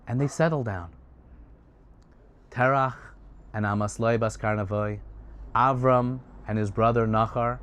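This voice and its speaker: A man telling a story in a lively, animated way, with quick restarts. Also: mid-range voice, a little hiss or hum. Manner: lively, with restarts and many voices.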